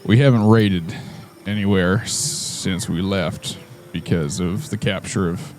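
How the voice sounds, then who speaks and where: A man's voice: low-pitched, steady tone, unhurried, darkish tone, faint music behind. A man playing a tribal leader in a tabletop game, speaking earnestly with lots of hesitant fillers. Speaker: player. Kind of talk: in-character tabletop role-play.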